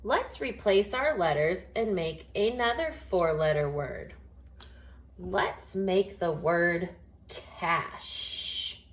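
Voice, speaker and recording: A woman teaching a phonics lesson, speaking slowly and carefully and sounding out each word. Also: on the low side, lively intonation. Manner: slow, deliberate, sounds out words.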